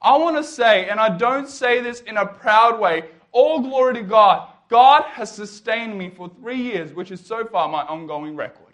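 A young man telling his faith story to an audience, animated and jokey, acting out the lines of the people he quotes. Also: high voice, normal speed, few pauses. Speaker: speaker. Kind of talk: testimony talk to an audience.

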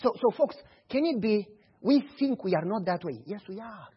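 A man preaching a sermon, telling stories in an animated way and acting out the dialogue. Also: high-pitched, moderate pace, breathy edge, lo-fi sound. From Romania. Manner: animated storytelling, acts out dialogue.

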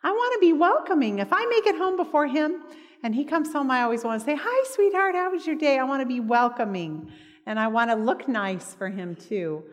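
A woman's voice: on the high side, lively intonation, brisk, in a large hall. A woman giving a heartfelt preaching talk and telling personal stories. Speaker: speaker at a church meeting.

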